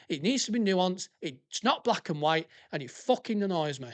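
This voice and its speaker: A man's voice: sits high, sing-song, moderate pace, hardly any pauses. Sweary ranting man. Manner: sweary, heated and ranting, breaking into laughs. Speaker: podcast host, former police officer. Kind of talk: ranting casual commentary on listener submissions.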